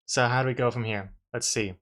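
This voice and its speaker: A man's voice: mid-range voice, steady tone, a little fast, fairly bright tone. A man, a comic artist, chatting casually to his live-stream viewers while drawing, rambling and restarting his sentences with dry jokes.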